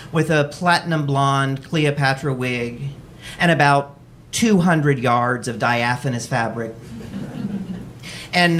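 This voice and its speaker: A man from Texas hosting a live storytelling show in a cabaret, telling a personal story in a wry, animated way and often laughing as he goes. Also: mid-range voice, a little hiss or hum. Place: cabaret stage before an audience.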